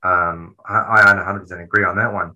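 Bright-voiced man recapping a film. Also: low voice, fairly even intonation, a little fast, dull audio. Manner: rambling, swears freely, restarts often. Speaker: podcast co-host. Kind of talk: casual film recap chat.

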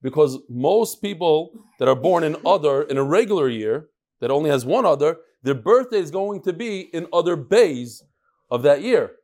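A man's voice: a little high, animated, moderate pace, a little mellow. A man teaching a casual religious class to a live audience, joking and bantering with the room between lessons. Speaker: rabbi teaching a daily class. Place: study hall with a live audience.

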